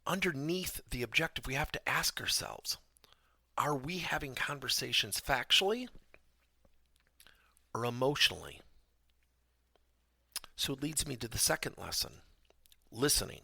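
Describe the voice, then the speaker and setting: A man with a gravelly, bright-edged voice delivers a podcast lesson. His pitch swings widely as he tells stories, and the sound is dry and close, with a husky grain. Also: a little slow, pauses often, no room sound. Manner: animated storytelling, acts out dialogue in raised voice. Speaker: podcast host and trainer.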